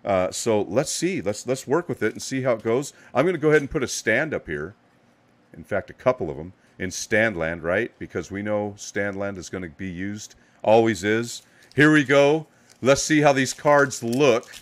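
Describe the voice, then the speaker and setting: A middle-aged man hosting a live card-opening stream, giving upbeat, hyped shout-outs to chat viewers while a little tired. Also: lowish voice, moderate pace. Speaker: live card-break host.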